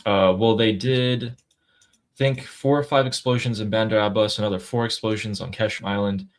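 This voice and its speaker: A man's voice: lowish voice, fairly even intonation, normal speed. A man co-hosting a casual livestream, reading out news updates and reacting to them. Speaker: political commentary co-host.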